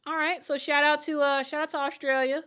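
A woman hosting a casual live watch party, chatty and excitable, often repeating her phrases and reading viewer comments aloud. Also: high voice, a little fast. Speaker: host of a draft watch party stream.

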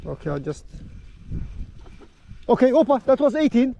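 Hyped high-voiced man fishing from a boat. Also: very animated, normal speed, creaky, mellow, low-quality recording. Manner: hyped, playful, chatty to viewers. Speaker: fishing vlogger. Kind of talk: excited on-the-water commentary. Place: small boat on open water outdoors. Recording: outdoor boat noise behind voice. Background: water and boat noise.

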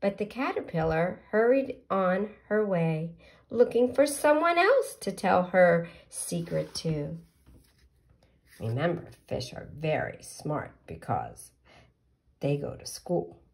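Woman reading a kids' picture book, slow and unhurried, voice goes up and down a lot, asks the kids questions. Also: lowish voice, very animated, vocal fry. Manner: gentle, asks listeners questions about the pictures. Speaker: storyteller reading to children.

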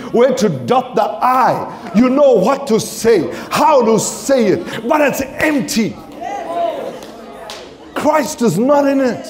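A South African man preaching a sermon in a church, impassioned, swinging from shouted declarations to low murmurs. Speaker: pastor. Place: church sanctuary with congregation.

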